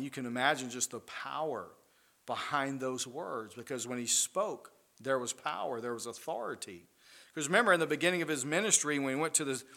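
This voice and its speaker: A man delivers an earnest sermon, his voice swelling loud on the key lines and then dropping soft and low after each one.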